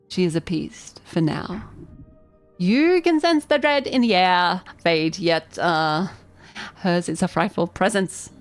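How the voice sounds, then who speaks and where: A woman streaming a game live, chatting excitably and reading the game's narration aloud. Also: mid-range voice. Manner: excitable, chatty, self-deprecating. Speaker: vtuber streamer.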